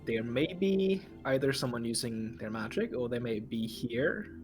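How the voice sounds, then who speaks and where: A man's voice: mid-range voice, animated, a little slow, a little mellow. Laid-back man playing a tabletop game. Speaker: player. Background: faint background music.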